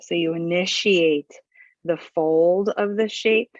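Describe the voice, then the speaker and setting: A woman yoga instructor talks students through poses and breathing in a calm, unhurried way. Her voice sits a little low and her pacing is very slow and soothing. The recording is close and dry, with a slightly muffled tone. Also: no echo. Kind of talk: guided yoga class instruction.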